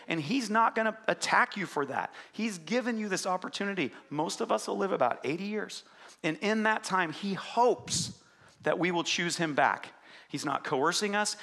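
Gravelly pastor guy preaching, bright kinda highish voice, goes loud then drops real quiet. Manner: swings from loud urgent preaching to quiet low emphasis. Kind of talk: sermon.

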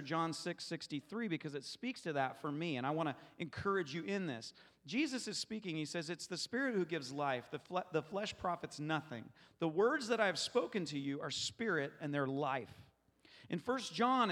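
A man preaching a sermon who leads a scripture meditation, speaking earnestly and emphatically and dropping to a slow, soft hush for the guided parts. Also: on the high side, sing-song, long reverb tail. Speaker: pastor.

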